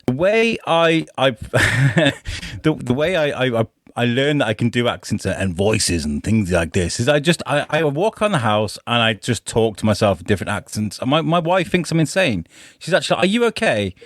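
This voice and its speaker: A man's voice: medium pitch, sing-song, moderate pace, no room sound, studio quality. A man hosting a podcast from his bedroom, chatty, jokey and self-deprecating. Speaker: podcast host. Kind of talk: casual interview chat. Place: home bedroom.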